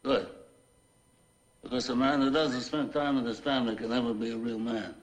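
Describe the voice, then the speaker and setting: An actor playing an aging, stern male mob boss who scolds in a gruff, commanding way in a film scene. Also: medium pitch, flat delivery, normal speed, natural voice, rough recording. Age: older.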